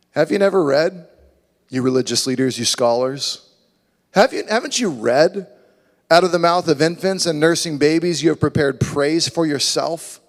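A man preaching a sermon as a pastor, animated, acting out voices in his story. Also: on the high side, a little slow. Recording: long reverb of a large hall.

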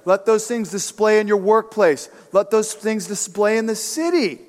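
A man's voice: high voice, normal speed. Man preaching in a reverberant hall. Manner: conversational, emphatic preaching with asides. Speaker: pastor. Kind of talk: sermon. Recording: long reverb of a church hall.

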